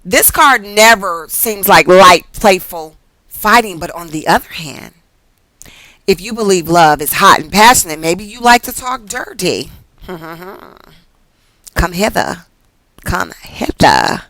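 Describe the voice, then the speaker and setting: A woman's voice: medium pitch, expressive, a little slow, bright, forceful tone, no echo, poor audio. Chatty, profane woman tarot reader. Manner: chatty and profane, laughing often and wandering off topic. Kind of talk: casual rambling tarot reading vlog.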